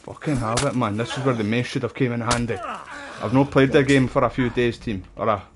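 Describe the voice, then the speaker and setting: A man comments on his game with loud, profane, excitable banter. His voice sits at a middle pitch. A faint hiss runs under the stream audio. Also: brisk. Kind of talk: casual gameplay commentary.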